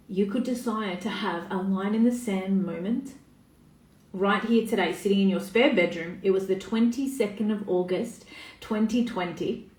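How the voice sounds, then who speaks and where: A woman's voice: medium pitch, normal speed, darkish tone. Chatty woman, echoey room. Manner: chatty, swears, greets viewers by name. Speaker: coach. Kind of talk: casual live-stream talk. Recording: echoey room, voice a bit far off.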